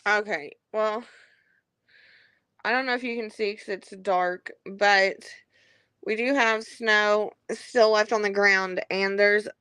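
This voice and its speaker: Woman, casual livestream gossip host, slow, rambling, swears freely, close dry phone audio. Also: medium pitch, steady tone, sharp tone, smooth, no room sound. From Kentucky.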